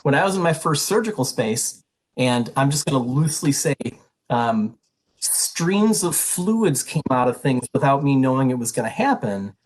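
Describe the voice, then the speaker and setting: A middle-aged man with a slightly husky, breathy voice addresses prospective students at an info session. He talks in an earnest, emphatic and direct way, at a mid pitch. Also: expressive, normal speed, rough recording. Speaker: pre-health program advisor and instructor.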